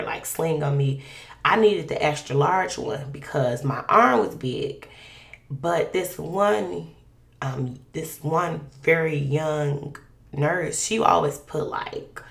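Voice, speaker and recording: Young woman, low and gravelly, chatty storytelling, jumps up in pitch when acting out what people said, roomy echo. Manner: animated, acts out quoted dialogue in a raised voice. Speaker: guest sharing a testimony. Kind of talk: casual personal storytelling. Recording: echoey room.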